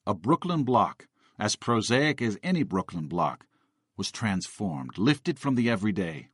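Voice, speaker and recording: A man reads an audiobook in an expressive storytelling manner. His voice is low with lively, varied intonation. The recording is dry and close. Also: slightly rough, dry recording. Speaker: audiobook narrator. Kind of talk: scripted audiobook narration.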